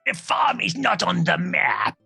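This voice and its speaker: A grumpy, exasperated half-troll shopkeeper woman, as a male game master puts her on. The voice is gravelly and bright, with a pitch that swings widely. Her lines come out theatrical. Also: huge pitch swings, measured pace, faint music behind, full character voice.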